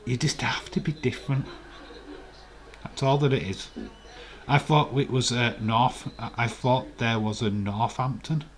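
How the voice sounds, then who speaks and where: A man's voice: medium pitch, fairly even intonation, unhurried, slight background noise. A man from West Yorkshire with a Yorkshire accent, hosting a casual live watch-along and chatting playfully and argumentatively with his viewers. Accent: Yorkshire English. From West Yorkshire, England. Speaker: live stream host.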